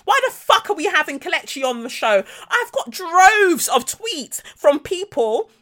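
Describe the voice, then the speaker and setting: A woman's voice: big pitch swings, measured pace, a bit bright, heavily acted. A woman mimicking a furious, panicking female presenter who rants and swears in exasperation. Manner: shrill, swearing, exasperated ranting.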